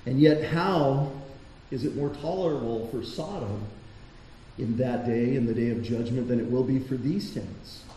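Male pastor, very dark mellow tone, conversational sermon, echoey church with faint hiss. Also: medium pitch, normal speed. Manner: conversational preaching with rhetorical questions. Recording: roomy hall echo, faint noise.

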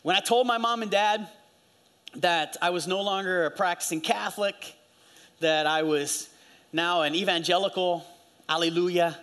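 A middle-aged pastor delivers a sermon at a moderate pace, his voice sitting high. He tells stories with animated swings and acts out the voices of the people he quotes.

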